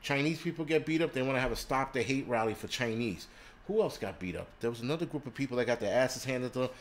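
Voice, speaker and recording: A man on a livestream from a city home, crude and combative, swearing constantly as he rants to his viewers. His voice sits at a middling pitch, with a faint hum of room noise behind him. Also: expressive, fast. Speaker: host of a prepping channel. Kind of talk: profane livestream rant. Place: indoors in a city.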